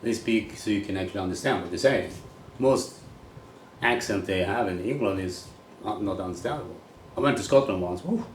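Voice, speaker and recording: A low-pitched man with a Swedish accent holds forth in a blunt, rambling monologue, casually swearing as he goes. He is a golf coach speaking his mind. The room is echoey, with a faint hum of ambient noise behind him. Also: fairly quick, recorded from a distance. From Sweden.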